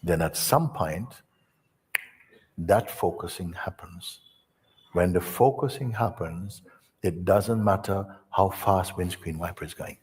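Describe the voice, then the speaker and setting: A man speaking as a spiritual teacher, giving an unhurried storytelling talk to an audience. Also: low voice, slightly rough, in a large hall.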